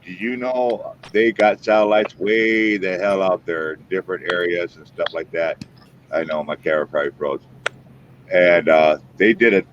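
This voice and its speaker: Deep male host, folksy drawl, muffled stream audio with faint noise. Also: steady tone, normal speed. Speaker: paranormal show host. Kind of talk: casual live-stream chat.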